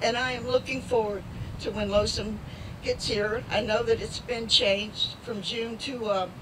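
A woman speaking at a rally, halting and heartfelt, close to tears at times. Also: a little high, steady tone. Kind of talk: emotional outdoor speech. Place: outdoors at a riverside lock. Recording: distant mic, loud outdoor noise.

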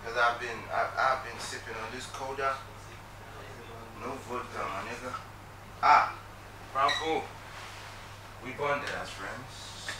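A man's voice: mid-range voice, fairly even intonation, a little slow, long pauses. Playful man in a very echoey room. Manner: playful, teasing. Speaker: reality show contestant. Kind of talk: joking video tribute. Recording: very echoey, distant mic, noisy.

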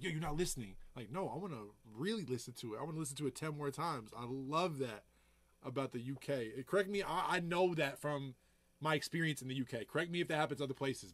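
A man producer chatting casually on a live stream, telling loose stories full of swearing and giving hyped shout-outs to viewers. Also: mid-range voice, a little hiss or hum. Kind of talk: casual livestream chat. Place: home music studio.

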